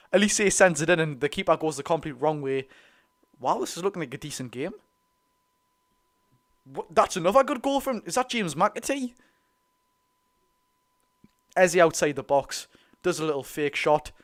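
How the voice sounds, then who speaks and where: A man with a Geordie accent chatting excitedly to his viewers during a live football watch-along. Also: fairly high pitch. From North East England. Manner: chatty, excitable, keeps addressing the lads. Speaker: football fan streamer.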